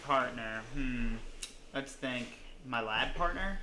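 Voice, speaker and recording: A man's voice: mid-range voice, normal speed, a crowd in the background. A young man co-hosting a podcast, joking and playful with many fillers. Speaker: podcast co-host. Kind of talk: casual chat. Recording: echoey room, faint background noise.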